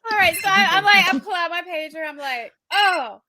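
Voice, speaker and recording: A woman's voice: very high voice, fast talker. A woman playing in a tabletop game, joking with the group and laughing often. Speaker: player. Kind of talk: casual tabletop play chat. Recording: loud background noise.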